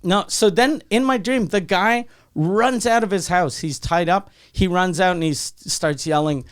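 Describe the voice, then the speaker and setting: Smooth-voiced man spinning a wild story. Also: high voice, normal speed. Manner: animated storyteller who acts out every line of dialogue; swears freely. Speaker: comedian and podcast host. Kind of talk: casual podcast chat.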